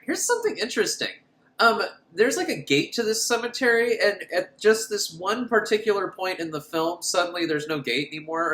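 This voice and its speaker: A man talking through a horror movie with crude, sarcastic jokes, his pitch swinging up and down a lot. He laughs at his own lines, and the voice has a roomy echo. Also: a bit bright. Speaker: film reviewer. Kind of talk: casual comedic movie recap.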